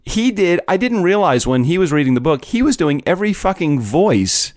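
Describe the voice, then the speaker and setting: This is a man co-hosting a podcast in loose, rambling banter, chuckling as he goes. His voice sits a little high. The sound is dry and close. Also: very animated, moderate pace, a little mellow, no echo. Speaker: podcast co-host.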